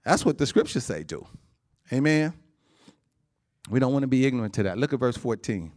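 A male pastor delivering a sermon in an animated, call-and-response way, checking in with his congregation again and again. His voice sits in an ordinary middle register, jumping high and loud with excitement and laughing through his lines before falling to a soft, hushed prayer. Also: fairly quick.

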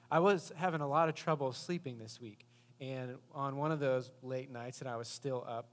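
A male pastor preaching a casual, story-driven sermon, his voice sitting a little high. He talks like he is chatting with the congregation. A long reverb from the hall follows his words. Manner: conversational, animated storytelling.

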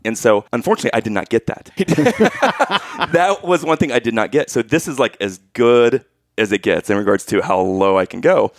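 Animated laughing male podcast host. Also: mid-range voice, moderate pace, dry recording, studio quality. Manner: animated, laughs while telling stories. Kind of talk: casual chat.

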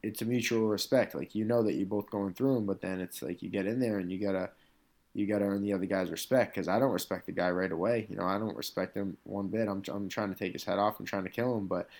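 A man with a low-pitched voice and a lot of gravelly fry sits as an interview guest. He tells stories about his fights casually and rambles along, leaning on fillers like "like" and "you know". He sounds like a fighter chatting, not someone performing. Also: fairly even intonation, fast talker, darkish tone. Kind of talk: casual storytelling in conversation.

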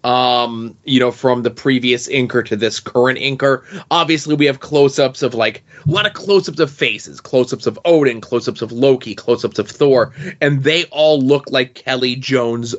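A man co-hosting a comic book podcast, explaining points in a measured, casual way. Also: medium pitch, highs cut off. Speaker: podcast co-host.

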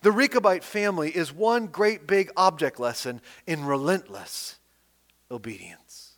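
A man preaching a sermon in an animated, emphatic way, reading scripture aloud with rising and falling emphasis. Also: high voice, normal speed. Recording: long hall reverb.

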